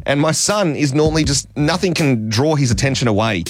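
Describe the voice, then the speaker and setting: A man's voice: fairly high pitch, expressive, a little fast, soft background music. An Australian man in his thirties, telling a rambling, self-deprecating story on radio and laughing often.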